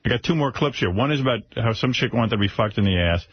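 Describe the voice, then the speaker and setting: Lively husky man hosting a comedy chat. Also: mid-range voice, fast, no echo, highs cut off. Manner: animated, mimics voices in stories. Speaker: podcast host.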